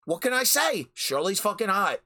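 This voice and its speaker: A man hosts his podcast with a heated anime review rant, cursing freely and hammering each point twice. His pitch leaps around constantly. The tone is bright and forceful, with a punchy edge. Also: sing-song, moderate pace. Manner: profane, heated, repeats phrases for emphasis. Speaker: podcast host. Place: home recording during a storm.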